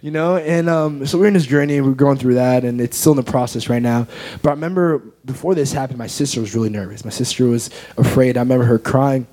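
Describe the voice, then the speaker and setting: A young American man gives a personal testimony as an interview guest. His voice is warm and mellow. He tells his story earnestly and from the heart. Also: mid-range voice, fast talker. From United States.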